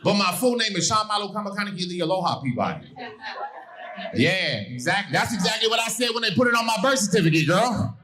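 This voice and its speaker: A middle-aged man from Hawaii performing animated stand-up on a comedy stage, shouting his punchlines. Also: high-pitched, fast. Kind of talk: stand-up routine. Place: comedy stage before a live audience. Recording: live show with loud crowd.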